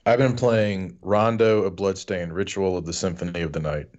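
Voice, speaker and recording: A man co-hosting a video game podcast, chatting casually with wry, deadpan humor. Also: low-pitched, normal speed, highs cut off. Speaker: podcast co-host. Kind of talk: casual chat.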